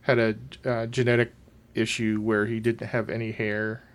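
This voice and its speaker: A man's voice: on the low side, monotone, normal speed. A man hosting a casual trivia game among friends, chatty with frequent fillers. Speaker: quiz host.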